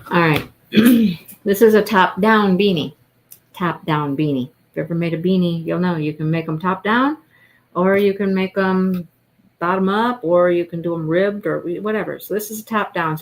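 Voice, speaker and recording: A woman's voice: fairly low pitch, rough recording. A woman hosting a casual crochet-along livestream, gushing over her work and thinking aloud as she follows along.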